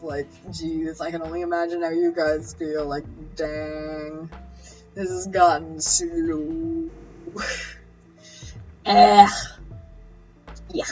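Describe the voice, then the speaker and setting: A woman chats through the end of a cooking stream in a low, loose, rambling way and laughs easily, her voice worn from hours of talking. The audio is dull and lo-fi, with faint music playing underneath. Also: darkish tone. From Canada. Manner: chatty and rambling, laughing often. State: losing her voice. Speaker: live-stream cooking host. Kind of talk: casual live-stream chat.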